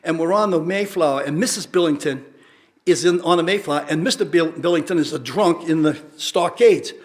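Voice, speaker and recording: An older man, a retired teacher and researcher, rambling through wry stories and drawing out his punchlines. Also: fairly high pitch. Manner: wry storyteller, drawn-out punchlines. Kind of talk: rambling anecdotal talk.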